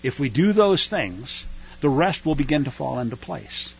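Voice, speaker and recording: A man's voice: medium pitch, big pitch swings, moderate pace, gravelly, breathy edge. A man preaching a radio sermon in a fiery, emphatic and scornful way. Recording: dull lo-fi radio recording.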